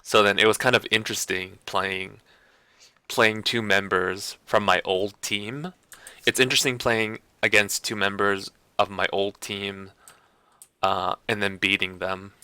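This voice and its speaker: Rambling low-voiced guy streamer. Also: fairly even intonation, a little slow, bright, forceful tone, smooth, dry recording. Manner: rambling, restarts sentences and repeats himself; heavy use of like and you know. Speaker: gaming streamer. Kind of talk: casual chat.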